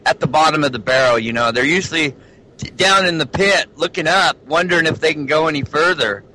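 A man with a bright, forceful voice and a lisp that softens his S and TH sounds, since he has no teeth. He chats casually as a guest, pitched a little high, excitable and calling people "baby". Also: brisk, slight background noise, rough recording. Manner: excitable, calls others "baby". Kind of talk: casual chat.

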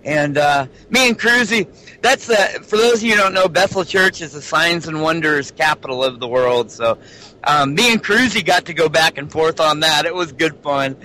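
Man, guest, lisping S and TH, no teeth, excitable, fairly high pitch, casual chat. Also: moderate pace, rough recording. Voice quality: lisp on S and TH sounds, talks without teeth. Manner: excitable, calls others "baby".

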